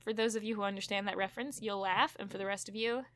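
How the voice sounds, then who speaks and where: A woman's voice: medium pitch, steady tone, quick pace, fairly bright tone, dry recording, studio quality. A woman co-hosting a podcast, recapping a TV episode in casual chat with chatty asides and fillers. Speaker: podcast co-host.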